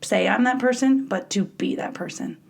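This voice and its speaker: Gravelly-voiced enthusiastic woman podcaster. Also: fairly high pitch, normal speed. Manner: enthusiastic, lots of "like" fillers. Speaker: podcast co-host. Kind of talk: casual book club chat.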